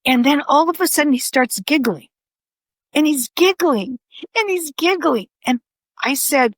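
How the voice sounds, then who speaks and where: An older woman, an author, telling personal stories in a conversation with animated expression. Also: sits high, unhurried, no echo. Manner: animated, vividly acts out voices in her stories. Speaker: author and podcast guest.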